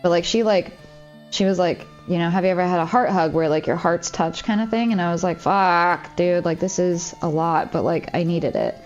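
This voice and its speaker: Rambling woman streamer, low voice. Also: normal speed, lo-fi sound, soft background music. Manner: rambling, heavy use of "like", open and confiding. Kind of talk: casual chat while streaming a game. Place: at home.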